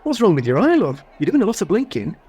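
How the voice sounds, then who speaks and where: A gruff, grumbling middle-aged husband behind bars in a radio sitcom. His voice swings wildly up and down as he grumbles. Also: sits high, huge pitch swings, fast talker, a little mellow.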